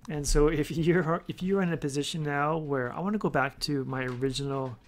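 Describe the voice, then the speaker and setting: A man's voice: fairly high pitch, fairly even intonation, a little fast. A man hosting a triathlon coaching podcast, talking casually and telling stories that act out quoted dialogue. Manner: storytelling, acting out quoted dialogue. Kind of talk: casual solo podcast talk.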